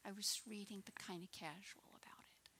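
A woman in her sixties giving an earnest personal testimony as a minister, often dropping into a soft, breathy near-whisper. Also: medium pitch, steady tone, moderate pace.

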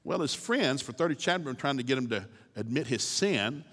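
A man's voice: medium pitch, animated, fairly quick, a bit bright, breathy edge. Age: adult. Role: folksy man preaching. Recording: echoey hall. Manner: folksy, humorous storytelling, chuckling. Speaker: guest preacher. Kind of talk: sermon.

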